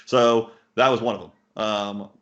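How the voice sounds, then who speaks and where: A man's voice: lowish voice, steady tone, measured pace, a bit bright. A man in his thirties, a poker coach, answering interview questions bluntly, swearing casually and full of fillers and restarts. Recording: muffled lo-fi audio.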